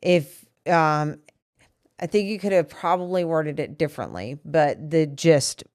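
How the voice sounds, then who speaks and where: A woman's voice: low-pitched, unhurried, a little mellow, no room sound, studio quality. A woman co-hosting a podcast, talking earnestly and at length with her partner about a disagreement. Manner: earnest, explaining at length with restarts. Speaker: podcast co-host. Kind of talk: candid couple conversation.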